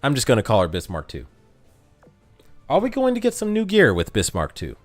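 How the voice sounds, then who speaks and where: American male streamer, animated pitch, playful chat-reading, light music under. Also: fairly quick. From United States. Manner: reads chat aloud, joking, playfully self-deprecating. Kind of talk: casual live-stream chat.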